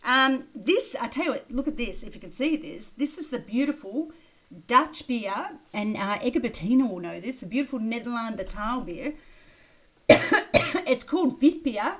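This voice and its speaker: Older woman, crypto livestream host, casual, blunt, chatty, a touch weary, voice a little high. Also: expressive, moderate pace, a bit bright, low-quality recording. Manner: chatty and blunt, full of "you know" and "right?". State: tired and thirsty, drinking beer. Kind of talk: casual livestream chat reading viewer questions.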